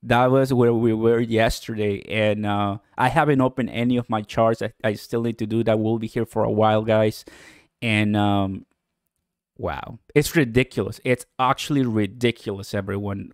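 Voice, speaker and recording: A man hosting a casual live stream about cryptocurrency from home in the morning, excitable and chatty, laughing often and talking straight to his viewers. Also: lowish voice, normal speed, no room sound, clean studio sound. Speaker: crypto livestream host.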